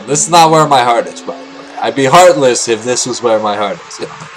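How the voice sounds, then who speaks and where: A young man with a mid-pitched voice hosts a loose anime review vlog. He rambles through his picks, trips over fillers and throws in crude jokes. Faint music plays behind him. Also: fast. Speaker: vlogger ranking anime.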